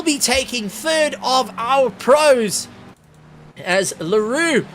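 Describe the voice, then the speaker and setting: A sim racing commentator calling a race live from the commentary box, fast and excitable. The voice is bright and forward, and it runs out of breath when the action peaks. Afterward it turns to easy chat with the drivers. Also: mid-range voice, a little hiss or hum.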